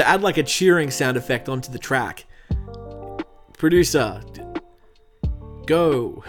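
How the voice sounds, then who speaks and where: A young man hosting a comedic true crime podcast, talking in a joking, self-deprecating way with animated asides. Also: mid-range voice. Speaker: podcast host.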